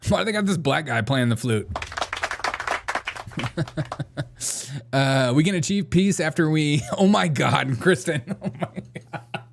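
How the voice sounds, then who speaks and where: A man's voice: on the high side, expressive, takes it slowly, creaky, pauses often, a little hiss or hum. A man co-hosting a comedy show, mocking video clips with frequent laughter. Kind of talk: casual commentary on video clips.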